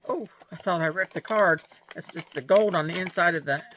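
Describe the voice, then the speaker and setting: A woman's voice: on the low side, fairly quick, noisy background. A woman chatting to her viewers in a casual vlog, gushing and laughing often as she opens mail and gifts. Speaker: vlogger showing mail and gifts. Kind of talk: casual chat to camera.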